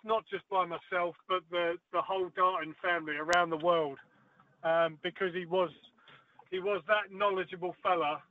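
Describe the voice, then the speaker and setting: A man, a former darts player, telling stories in a chatty way with many fillers during an interview. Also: high voice. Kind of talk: casual phone interview. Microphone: phone. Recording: tinny phone line, dry.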